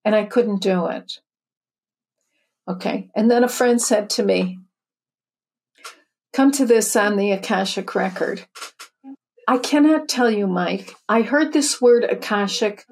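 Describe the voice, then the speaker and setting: Her pitch is medium and her pace measured, with long pauses and a darkish tone. In an interview, this spiritual teacher and author, fifty or older, shares her story in an earnest, chatty manner, frequently restarting.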